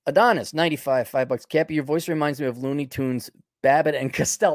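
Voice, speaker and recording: Casting Man with an Upper Midwest Milwaukee accent, bluntly opinionated podcast host, voice sits a bit high, dry close sound. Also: fast talker, hardly any pauses, dry recording. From Milwaukee, Wisconsin. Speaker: podcast host reading viewer donations. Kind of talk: casual livestream commentary.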